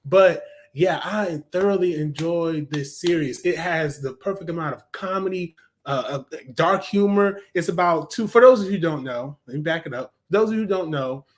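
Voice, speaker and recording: A man's voice: a little high, moderate pace. Chatty young man reviewing cartoons. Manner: chatty and enthusiastic, with frequent fillers and self-corrections. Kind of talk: casual spoken review.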